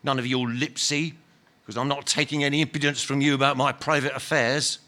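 A self-righteous male ghost, put on by a man reading a story aloud, sounds indignant and stubborn. His talk is blunt and ungrammatical, full of grievance. The voice sits somewhat higher and pushier than the reader's own. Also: little pitch movement, a little fast, pushed and bright, natural voice. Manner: indignant, insistent, ungrammatical working-class talk. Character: bitter aggrieved male ghost, former workman, self-righteous. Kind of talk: dramatic reading of a novel.

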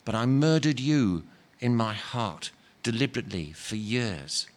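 A man reading aloud and voicing a patient, humble male spirit who talks softly and earnestly. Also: mid-range voice, unhurried. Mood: gentle. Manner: calm, soft, earnest and patient. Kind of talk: dramatic reading of a novel.

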